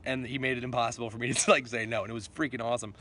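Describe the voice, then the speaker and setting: Bright-voiced rambling male vlogger. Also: mid-range voice, level tone, rapid-fire. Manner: rambling, self-mocking, laughs between thoughts. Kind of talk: casual vlog monologue.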